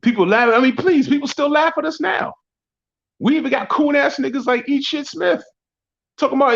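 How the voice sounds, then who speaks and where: A man hosting a barbershop talk show, ranting profanely and mocking his critics in a rambling, loud way. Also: extremely high pitch, moderate pace, gravelly. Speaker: podcast host. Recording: dull lo-fi audio.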